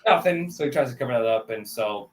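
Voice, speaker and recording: A man casually recapping anime episodes for a review show, talking loosely with lots of fillers and quick laughs. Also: lowish voice, a little mellow. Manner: loose and chatty, full of "like" and "kinda", laughs often.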